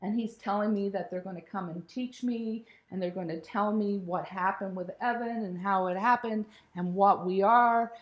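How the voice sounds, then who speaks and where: A woman telling a personal spiritual story in a candid, animated way, swearing casually and laughing as she goes. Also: mid-range voice, normal speed, few pauses, lo-fi sound. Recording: roomy echo.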